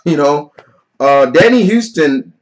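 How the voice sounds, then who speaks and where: A man's voice: a little high, animated, takes it slowly. Earnest man reviewing movies, lo-fi sound. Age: 30s. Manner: earnest and openly emotional, peppered with "you know" and "like". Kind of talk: casual vlog movie review.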